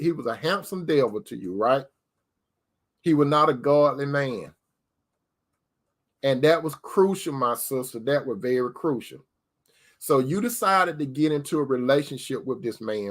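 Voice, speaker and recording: A man giving preacher-style relationship advice, asking rhetorical questions and calling listeners sister. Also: fairly high pitch. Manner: addresses listeners as sister, repeats key phrases.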